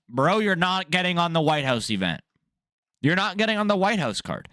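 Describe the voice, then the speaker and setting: A young man with a fairly high voice rants bluntly about fight news, swearing freely and speaking in a casual, opinionated way. He is recorded close and dry, with no room sound around him. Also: normal speed, no room sound. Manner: blunt, profane, animated ranting. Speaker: MMA news host.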